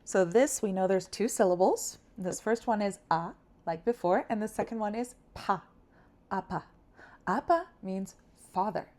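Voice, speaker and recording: A young woman teaching a language lesson, patient and encouraging, sounding out syllables slowly. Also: mid-range voice, a little mellow. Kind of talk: friendly scripted lesson.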